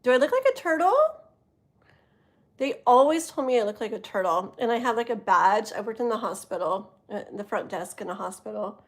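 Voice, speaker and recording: A woman's voice: a little high, expressive, a little fast. Chatty woman tarot streamer. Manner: chatty, rambling, lots of fillers, laughs often. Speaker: tarot reader hosting a live stream. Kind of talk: casual live-stream chat with viewers.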